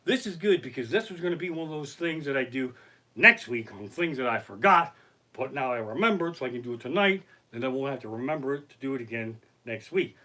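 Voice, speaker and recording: A comedian rants in a bright, animated voice, swearing constantly and sounding exasperated. His pitch swings widely as he builds each complaint. He streams the show live from his living room. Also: quick pace. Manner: profane, ranting, exasperated. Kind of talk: live-streamed stand-up rant.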